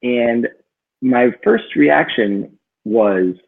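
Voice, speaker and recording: A man's voice: medium pitch, moderate pace, breathy edge. A man co-hosting a book club chat, telling a rambling personal story with many fillers. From northern Minnesota. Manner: rambling, many fillers, lively when quoting himself. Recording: tinny phone-like audio.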